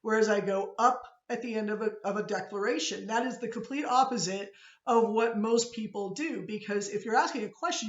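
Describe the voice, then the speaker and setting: A college instructor from Pittsburgh, USA, speaks with a Pittsburgh accent in a medium-pitched voice. Her classroom lecture is chatty and wanders off on tangents, and she frequently checks in with her students. The recording is lo-fi and sounds roomy.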